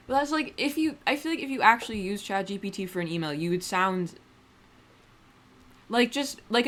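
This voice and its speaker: A woman talking loosely to her stream audience in a casual, self-deprecating way. She drifts mid-sentence, restarts her thoughts, and drops the odd swear word. Her tone stays dry and joking. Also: medium pitch. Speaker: livestreamer. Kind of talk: casual livestream chat.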